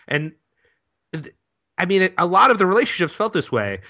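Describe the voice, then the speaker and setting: A man with a bright, fairly high voice talks casually as a podcast guest. He rambles through his points with lots of "like" and the odd curse word. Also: sing-song, moderate pace. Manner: loose and profane, with frequent fillers. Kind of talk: casual film-review chat.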